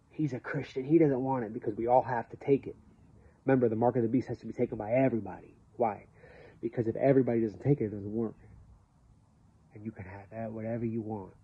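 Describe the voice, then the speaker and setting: Man host, mid pitch, animated, rambling faith talk, lo-fi audio. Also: a little fast, breathy edge. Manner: animated, rambling, swings between loud and hushed. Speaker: show host. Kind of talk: casual religious talk. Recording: slightly dull lo-fi audio with faint hiss.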